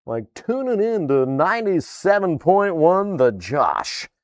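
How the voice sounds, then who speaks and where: A man putting on the voice of a cheesy male radio DJ, with a booming, drawn-out announcer delivery. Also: big pitch swings, no echo, clean studio sound, exaggerated voice. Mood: hammy.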